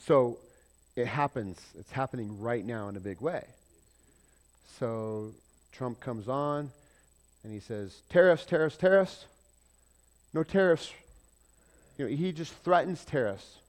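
Pastor, male, mid-pitched voice, preaching with lively swings between loud and soft, quizzes the congregation. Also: unhurried, long pauses. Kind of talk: sermon.

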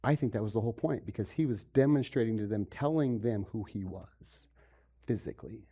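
A pastor giving a sermon, moving from quiet stretches to loud, emphatic preaching and asking his congregation questions. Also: on the low side, a little fast, slightly rough, lo-fi sound. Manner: asks the audience questions. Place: room with a congregation.

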